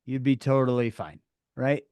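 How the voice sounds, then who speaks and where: A man teaching a class of teenagers over a video call, telling an animated story and acting out the dialogue in different voices. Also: mid-range voice, normal speed, no room sound.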